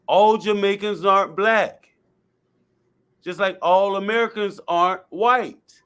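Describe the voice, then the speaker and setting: A man's voice: sits high, steady tone, takes it slowly, a bit bright, clear, resonant tone. A man talking casually and bluntly, explaining his view at length with repeated points and slang. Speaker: guest speaker. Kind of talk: casual discussion.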